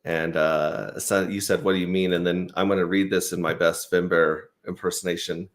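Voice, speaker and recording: A man hosting a casual livestream, reading viewer comments aloud in a relaxed way with lots of fillers. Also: low-pitched, normal speed. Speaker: host.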